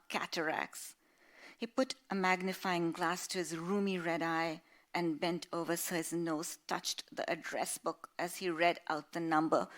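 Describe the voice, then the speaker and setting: A woman author reads from her novel to listeners, her voice a bit low. She is measured and expressive, shaping each sentence with care. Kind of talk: literary reading aloud.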